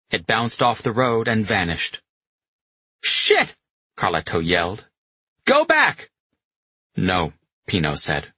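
A man's voice: deep voice, pushed and bright, breathy edge, no echo, highs cut off. A man narrating a novel as an audiobook reader, telling it steadily and voicing the characters' lines. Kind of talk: scripted narration.

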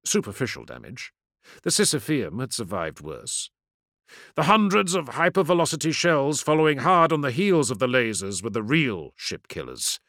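A man's voice: mid-range voice, very animated, normal speed, a bit bright, dry recording, clean studio sound. A man reading a science fiction audiobook in a dramatic, vivid narration style.

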